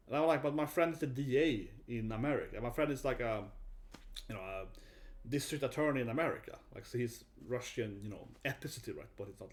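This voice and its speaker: A young man from Sweden talking casually to camera in a rambling monologue, with lots of fillers and tag questions like "right?". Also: mid-range voice. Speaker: vlogger.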